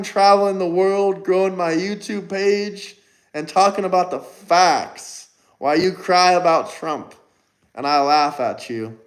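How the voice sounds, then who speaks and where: High-voiced, combative male livestreamer. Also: a little slow, rough recording. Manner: combative, mocking replies to chat. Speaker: livestream host. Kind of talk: casual livestream chat.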